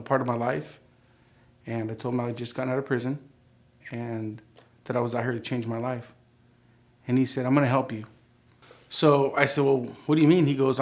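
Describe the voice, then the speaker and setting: A man in his forties telling his life story in a relaxed interview, acting out the people he quotes and pausing to reflect. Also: medium pitch. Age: 40s. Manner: acts out quoted dialogue with lively shifts, conversational and reflective.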